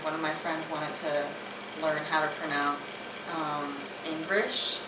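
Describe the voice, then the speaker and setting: A woman who grew up in Japan tells chatty stories on a casual podcast and laughs along. She is recorded from a distance in an echoey room. Steady background noise sits under her voice. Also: low voice, slow pace. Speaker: podcast co-host. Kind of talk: casual chat, storytelling.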